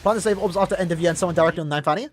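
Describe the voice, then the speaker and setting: With faint music behind him, a young man from Ireland talks rapid-fire in a high voice. He plays a mobile game on stream and casually rambles to viewers, restarting sentences often and speaking to chat.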